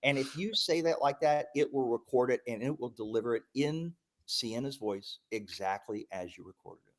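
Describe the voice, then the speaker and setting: Man, mid pitch, live product demo, eager, many ums and restarts. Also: normal speed. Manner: enthusiastic, lots of ums and restarts. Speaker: software presenter.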